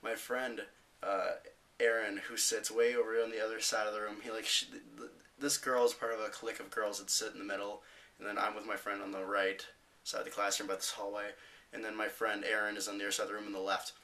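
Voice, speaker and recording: Teen boy, vlogger, rambling story, bright, set back from the mic. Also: lowish voice, quick pace, recorded from a distance, poor audio. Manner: rambling, filler-heavy, animated retelling. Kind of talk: casual storytelling.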